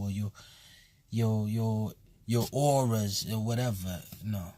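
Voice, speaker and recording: A man's voice: on the low side, fairly even intonation, unhurried, warm tone, dry recording. A man who teaches at a voodoo temple, talking bluntly and casually with emphatic repetition. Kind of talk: casual spoken commentary.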